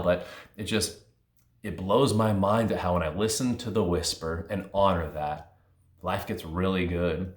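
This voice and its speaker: A man giving an earnest, conversational motivational talk, often restarting his sentences. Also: low voice. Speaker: motivational speaker. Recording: roomy echo.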